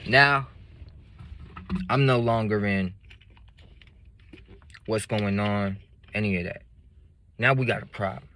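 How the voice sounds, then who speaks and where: A man's voice: fairly low pitch, fairly even intonation, measured pace, pauses often, fairly bright tone. Blunt man telling a street story. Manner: blunt, profane street slang. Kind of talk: casual spoken storytelling.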